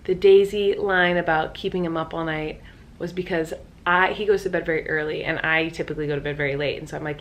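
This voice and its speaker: A woman's voice: lowish voice, fairly even intonation, quick pace, slight background noise. A woman in her twenties in casual vlog chat from her home office, chatty and full of "like". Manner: chatty, filler-heavy with lots of "like". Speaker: vlogger.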